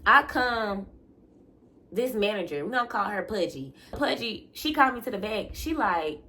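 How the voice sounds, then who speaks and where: A young woman, telling a personal story in a casual vlog, animated, laughing often and acting out quotes. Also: moderate pace. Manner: animated, laughing, acts out quotes with big pitch jumps.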